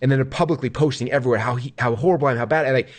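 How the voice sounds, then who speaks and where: Male interview guest, rapid filler-heavy storyteller who acts out quoted lines, mid-pitched, casual. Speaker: guest entrepreneur.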